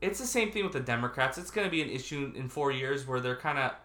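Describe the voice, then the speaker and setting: A man's voice: mid-range voice, lively intonation, quick pace, sharp tone. A man co-hosting a podcast, chatting casually and rambling with restarts. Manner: rambling, restarts, laughs at own jokes. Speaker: podcast co-host. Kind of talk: casual political chat. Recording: echoey room.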